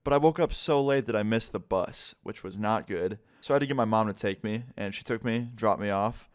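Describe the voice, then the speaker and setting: A young man with a lowish voice tells a story from his past in a loose, casual way. He swears freely and jumps into louder, livelier voices when he acts out what his friends said. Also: fairly quick, clear, resonant tone. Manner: relaxed, swears a lot, animated when quoting people. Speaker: vlogger telling stories.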